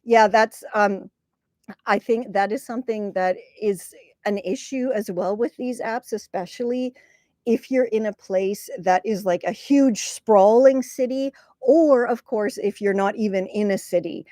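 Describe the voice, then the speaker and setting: A woman's voice: medium pitch, unhurried, mellow, no room sound, clean studio sound. A woman hosting a casual livestream, chatty and rambling, laughing often and reading viewer comments aloud. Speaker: content creator hosting a livestream.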